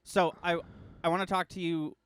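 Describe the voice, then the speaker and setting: A man's voice: a little high, level tone, moderate pace, a bit bright, clean tone, no echo. A young man co-hosting a casual film podcast, thoughtful and hedging, swearing casually as he lays out his ideas. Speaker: podcast co-host.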